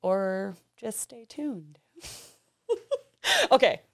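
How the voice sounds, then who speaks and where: A woman in her twenties co-hosting a podcast, chatting casually and laughing often. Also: fairly high pitch. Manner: giggly, animated, quick to laugh. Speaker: podcast co-host. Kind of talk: casual chat.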